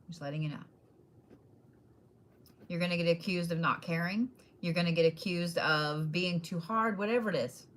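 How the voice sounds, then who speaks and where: A tarot and astrology reader with a lowish, fairly bright voice gives casual, blunt zodiac readings, addressing each sign directly. She swears freely and laughs often.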